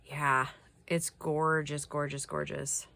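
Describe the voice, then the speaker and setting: Her deep, gravelly voice is slow, with a flat delivery. The woman chats casually while showing crafty mail from subscribers, gushing over every piece in a soft-spoken manner and sometimes sinking to a whisper.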